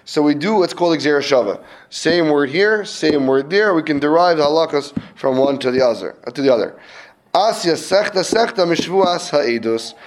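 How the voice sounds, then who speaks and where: A man with a fairly high speaking voice leads a casual Talmud class. He talks in a lively way, tosses questions to the room and acts out short scenes to make his point. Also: moderate pace.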